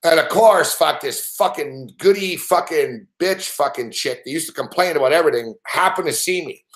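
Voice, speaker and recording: A man's voice: on the high side, moderate pace, fairly bright tone. A man hosting a sports betting show, telling rambling, profanity-laced anecdotes with frequent laughs. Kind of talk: casual storytelling on a live stream.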